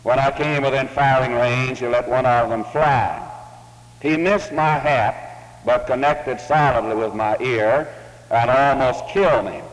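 A male preacher delivers a sermon at an unhurried pace, shaping his story with deliberate, measured phrasing. His mid-pitched voice carries a long reverb, as though he is recorded in a church hall.

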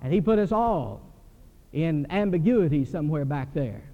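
An older man preaching a sermon in a church, animated and telling stories. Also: on the high side, moderate pace. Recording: dull recording with long hall reverb.

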